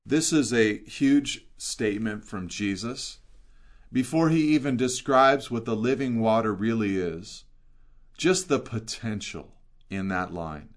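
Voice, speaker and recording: A man preaching an expository sermon, reading scripture aloud and then retelling it in everyday words with earnest emphasis. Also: lowish voice. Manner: swells louder and slows on key phrases. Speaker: pastor.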